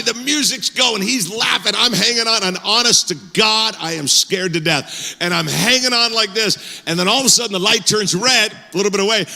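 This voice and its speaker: Bright-voiced, animated male pastor. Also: extremely high pitch, gravelly, big-room sound. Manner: animated, self-mocking humor. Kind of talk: storytelling sermon. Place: church auditorium.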